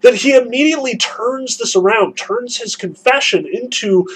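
A male lecturer walks through a novel scene by scene, stressing key points. His voice is husky and sits fairly high. He talks analytically and emphatically. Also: normal speed, few pauses, poor audio. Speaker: literature lecturer.

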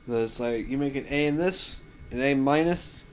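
A man's voice: medium pitch, normal speed, a little hiss or hum. A young man chatting casually with friends, dry and reactive, often laughing. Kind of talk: casual chat.

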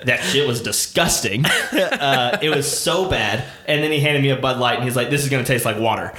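A man's voice: mid-range voice, normal speed, bright, forceful tone. A man co-hosting a podcast, chatting casually, laughing easily and chiming in to agree. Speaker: podcast co-host. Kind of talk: casual chat. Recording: roomy echo.

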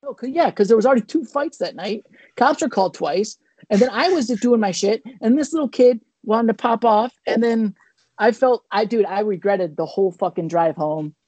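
A man recounting a story on a casual podcast, rambling and animated with lots of fillers. His voice is mellow and dark, recorded dry and close. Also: sits high, normal speed, husky, no echo. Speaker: comedian and podcast co-host.

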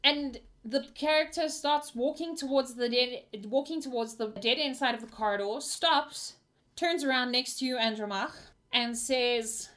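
A woman's voice: sits high, a little slow, a bit bright. A woman narrating as game master of a tabletop game, often laughing and apologizing.

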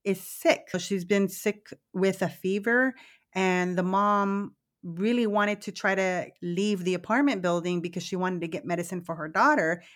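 A woman co-hosting a podcast, recapping a movie in a casual, animated way, swearing freely and laughing easily. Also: mid-range voice, normal speed. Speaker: podcast co-host.

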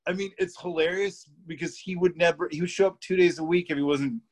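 A young man guesting on a podcast tells work stories in a casual, rambling way, laughing, swearing and using lots of fillers. His voice is on the high side, steady and a little quick.

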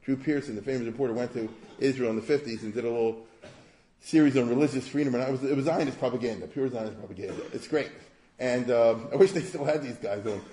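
In a room with noticeable echo, a man with a mellow, mid-range voice gives an informal history lecture at a quick pace. His delivery is conversational and digressive, with lots of rhetorical questions.

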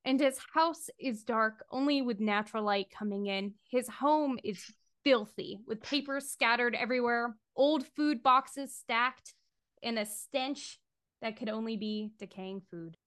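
A woman running a tabletop horror game as game master, narrating with animated, giggly energy. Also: on the high side, unhurried, smooth.

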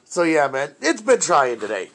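A man's voice: on the high side, huge pitch swings, moderate pace, a bit bright. A man telling a profane, exasperated story about his day in casual chat.

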